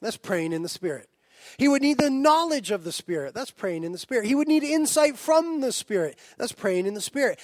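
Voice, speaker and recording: A man's voice: high-pitched, big pitch swings, fairly quick, dry recording. A man in his thirties preaching a sermon as pastor, earnest and building to fervent emphasis.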